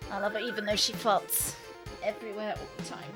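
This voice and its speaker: A woman's voice: medium pitch, fairly even intonation, brisk, over loud music. A woman streaming live, chatting casually, cooing at her dog in baby talk and giggling as she thanks her viewers.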